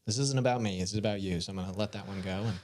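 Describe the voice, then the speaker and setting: A young man co-hosting a comedy podcast, bantering in an animated, stammering, playful way. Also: lowish voice, rapid-fire.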